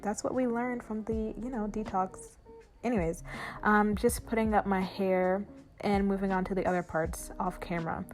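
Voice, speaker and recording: A woman's voice: medium pitch, fairly even intonation, moderate pace, soft background music. A woman talking casually through her hair-washing steps in the shower for a vlog. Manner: easygoing, walking through each step. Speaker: hair vlogger. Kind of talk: casual how-to vlog narration. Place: bathroom shower.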